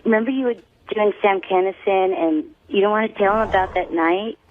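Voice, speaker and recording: A woman's voice: mid-range voice, a little fast, close to an everyday voice. A coy, flirty woman teases and needles in an easy voice, as a woman plays her. The sound is a little dull and muffled. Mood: teasing. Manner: coy and teasing. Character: flirty, scheming woman claiming a fling. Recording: slightly dull, lo-fi studio sound.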